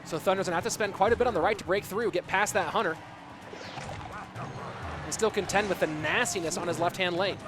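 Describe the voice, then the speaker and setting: A young esports caster calls the plays on a live stream in a lively play-by-play while chatting with viewers. His voice sits high and runs a little fast with long pauses, over music.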